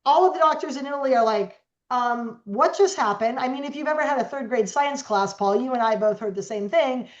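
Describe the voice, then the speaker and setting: A middle-aged woman guest telling stories in an interview, animated and acting out the voices of the people she quotes. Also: sits high, fast, few pauses. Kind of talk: storytelling interview talk. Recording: echoey, dull lo-fi sound.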